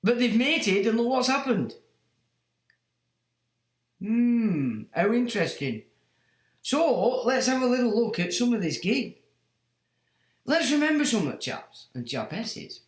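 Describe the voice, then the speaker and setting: Man, high voice, swooping pitch, exclaiming and mocking, echoey room. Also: very animated, measured pace, long pauses. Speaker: livestream host. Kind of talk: casual livestream commentary.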